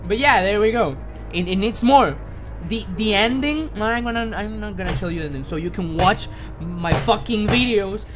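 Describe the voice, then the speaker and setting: A man chatting casually on a live stream as an animator, halting with many restarts and repeated words. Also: sits high, fairly bright tone, faint music behind.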